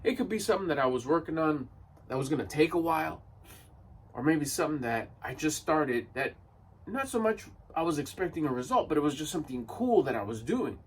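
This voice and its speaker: A man's voice: a little high, very animated, a little fast, husky, distant mic. A man giving a blunt, emphatic motivational monologue to camera. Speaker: motivational vlogger.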